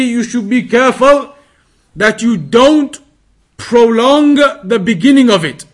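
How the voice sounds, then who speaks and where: A man teaching a religious lesson, reading Arabic text quickly and then explaining it slowly, drawing out words to demonstrate pronunciation. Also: very high-pitched, fairly bright tone. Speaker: Islamic teacher.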